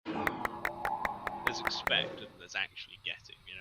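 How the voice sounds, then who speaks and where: A man bantering with a friend over voice chat, deadpan and teasing, with mumbled asides. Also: takes it slowly, whispered, over loud music. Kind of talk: casual banter. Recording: noisy voice chat audio.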